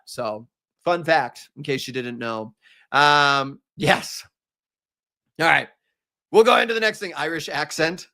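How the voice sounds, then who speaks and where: Minnesotan male teacher, casual live review, fairly high voice, chatty and direct with viewers. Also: slow, pauses often. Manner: casual, chatty, energetic, talks straight to the viewers. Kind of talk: live exam review stream.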